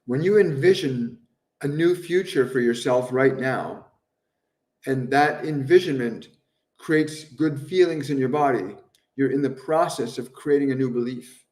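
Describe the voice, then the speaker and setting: A man hosting a live stream as a spiritual medium, answering viewers' questions in a gentle, earnest way and repeating phrases over and over for emphasis. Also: mid-range voice, a little slow, distant mic. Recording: roomy echo, voice somewhat off-mic.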